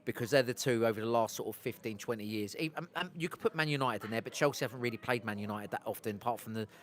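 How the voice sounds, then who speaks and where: A man's voice: mid-range voice, fast talker, fairly bright tone. A man from England hosting a casual outdoor live stream, rambling and breaking off to talk to his viewers. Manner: rambling, self-interrupting, talks to viewers. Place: outdoors on a street.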